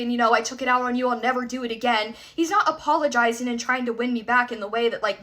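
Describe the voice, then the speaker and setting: A woman's voice: on the high side, bright, forceful tone. A young woman telling a personal story straight to the viewer, candid and frank, with plenty of swearing. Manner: candid, frank and profane, addressing the viewer directly. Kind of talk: casual storytime monologue.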